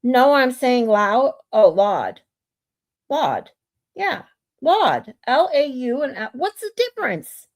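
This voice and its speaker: A woman's voice: high-pitched, expressive. A woman hosting a casual livestream, musing aloud and trying out words for her viewers. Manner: musing aloud, slow, playful word practice. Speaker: streamer host.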